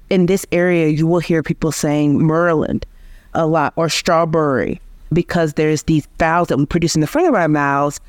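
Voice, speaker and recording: A woman from Georgia, a linguistics researcher, explaining speech sounds in a measured, teacherly way as an interview guest. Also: sits low, darkish tone, no echo, studio quality. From Georgia, USA. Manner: measured, teacherly, restarts phrases.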